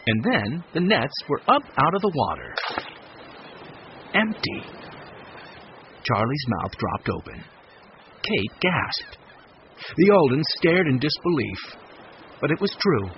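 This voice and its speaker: A man narrating a children's storybook chapter in an expressive, scripted reading. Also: mid-range voice, a little slow, slight background noise. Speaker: audiobook narrator. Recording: slightly muffled audiobook recording.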